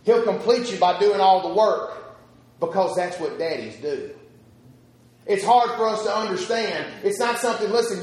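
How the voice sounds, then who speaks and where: Guy preaching, tells it like a story, stops and repeats himself, goes loud then quiet, big echo. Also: sits high, slight background noise. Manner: storytelling with pauses, repeats words, swings loud and soft. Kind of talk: sermon.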